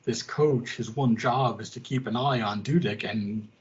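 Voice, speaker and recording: Man, podcast co-host, husky, casual chat, animated retelling, dull lo-fi audio. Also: medium pitch. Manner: animated storyteller, quick asides in character voices.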